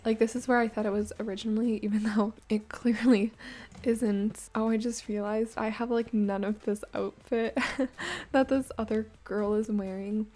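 A woman's voice: fairly high pitch, fairly even intonation, moderate pace, dark tone. A young woman chatting casually while editing and playing a horse game, laughing often, in a tired morning voice. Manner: chatty, giggly, self-deprecating. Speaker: gaming YouTuber. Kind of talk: casual gameplay commentary. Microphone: desk USB microphone.

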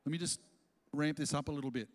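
Animated preacher in a reverberant church. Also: male voice, fairly high pitch, fast talker. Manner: animated preaching, acting out quotes in voices. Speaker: pastor. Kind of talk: sermon. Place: church auditorium.

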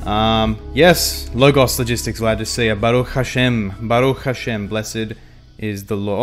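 A man's voice: fairly low pitch, fairly even intonation, normal speed, faint music behind. A man live-streaming a strategy game, chatting casually and greeting viewers by name, with light laughs mid-sentence.

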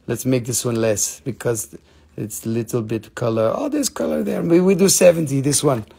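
A haggling gem dealer in broken English, teasing buyers with cheeky price talk, as a man puts him on. The voice has a gravelly, creaky grain at an ordinary middle pitch. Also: normal speed, warm tone. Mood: playful haggling.

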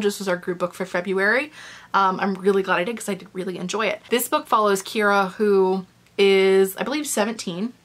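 A woman's voice: mid-range voice, fairly bright tone. Young woman, casual book vlogger, candid and chatty, swears freely, mid-range voice. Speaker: book reviewer. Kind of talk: casual book review vlog.

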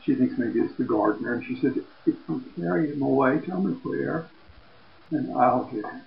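A man's voice: medium pitch, normal speed, vocal fry, highs cut off. Man retelling a story in an echoey room. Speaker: Bible teacher.

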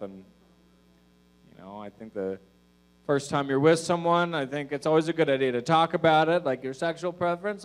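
A man doing a stand-up comedy set on stage, with a loose, profane, meandering delivery full of fillers. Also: on the high side.

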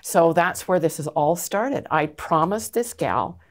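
A middle-aged Canadian woman with a low voice tells her story with passion and emphasis. She is a guest in an interview, speaking earnestly about her work. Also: lively intonation, measured pace. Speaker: anti-trafficking advocate, guest.

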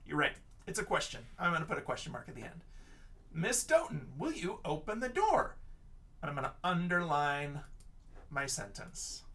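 A man's voice: a little high, very animated, moderate pace, pushed and bright, far from the mic. A male teacher giving an online lesson for young children, patient and encouraging, sounding out words letter by letter.

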